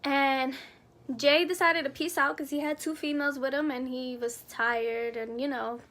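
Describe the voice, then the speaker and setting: Brief: young woman vlogger, high voice, lively slangy storyteller. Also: normal speed. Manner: animated, slangy storytelling, acts out quotes. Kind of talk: casual storytime.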